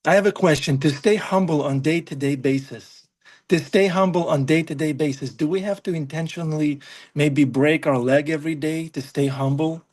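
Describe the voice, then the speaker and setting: A man's voice: fairly high pitch, normal speed, darkish tone. A man leading a class discussion, easygoing and joking. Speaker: class leader.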